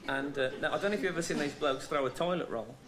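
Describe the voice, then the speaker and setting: A man with a Black Country accent, a guest comedian on a television talk show, telling deadpan anecdotes with quick punchlines. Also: on the high side, a crowd in the background. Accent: Black Country English. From West Midlands of England. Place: television studio with audience.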